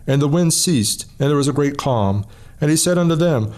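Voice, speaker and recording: A man hosting a programme, reading scripture aloud in a measured, solemn way in a studio. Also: a little high, a little mellow. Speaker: host and Bible reader.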